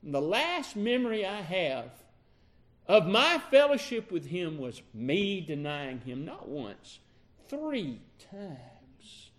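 A man acts out a broken-hearted apostle, an adult man pleading aloud over his own failure in a sermon retelling. The voice rides high and climbs as the anguish builds, with slow, drawn-out lines. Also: very animated, fairly bright tone, full character voice. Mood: remorseful. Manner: anguished, pleading self-reproach. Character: grieving remorseful adult male apostle.

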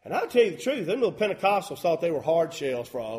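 A man preaching a sermon as a pastor, folksy and emphatic with loud bursts. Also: fairly high pitch, big pitch swings, fast talker, few pauses. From Southern US.

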